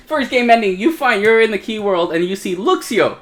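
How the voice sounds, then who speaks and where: A man's voice: high-pitched, animated, moderate pace, fairly bright tone. A drunk young man casually retelling a video game story, rambling and swearing, laughing often and acting out characters in silly voices. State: tipsy. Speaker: co-host.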